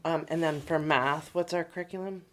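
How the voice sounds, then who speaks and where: A woman's voice: low-pitched, steady tone, moderate pace, slight background noise. A woman on a school board asking questions about curriculum and training at a meeting. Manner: inquiring, asks short questions.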